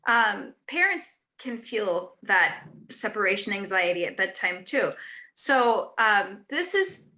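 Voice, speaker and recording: A woman's voice: medium pitch, very animated, takes it slowly, sharp tone. A woman in her thirties or forties, an author chatting earnestly on a live stream, with many fillers and restarts. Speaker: author guest. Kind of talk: casual live chat.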